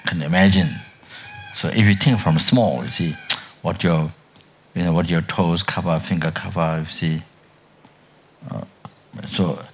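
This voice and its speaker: A very low, gravelly older man giving a Buddhist dharma talk, his voice husky. He speaks very slowly and haltingly, restarting phrases and coughing or clearing his throat often. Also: fairly bright tone. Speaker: Buddhist teacher.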